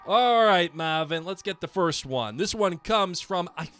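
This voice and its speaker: A man's voice: high-pitched, a little slow. A man co-hosting a podcast in a studio, chatting casually, joking and reading listener emails aloud. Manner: animated, joking, playful impressions. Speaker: podcast co-host.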